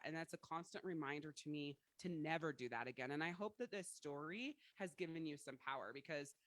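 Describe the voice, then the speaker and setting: A woman life coach hosting a livestream, telling personal stories in a blunt, profane, forceful way. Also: lowish voice, dry recording. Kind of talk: candid motivational livestream talk.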